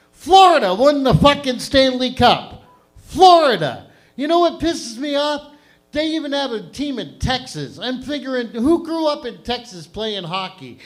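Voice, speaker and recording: Ranting profane Canadian comedy emcee, high voice. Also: male voice. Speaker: stand-up host. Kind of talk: stand-up comedy emcee set. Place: comedy club stage, audience present.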